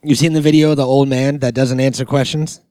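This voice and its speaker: A man's voice: medium pitch, fairly even intonation, fast, dark tone, clear, resonant tone, dry recording. Rambling, swearing podcast guy, dry sound. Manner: rambling storyteller, heavy swearing and filler "like". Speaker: podcast co-host. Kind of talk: casual chat.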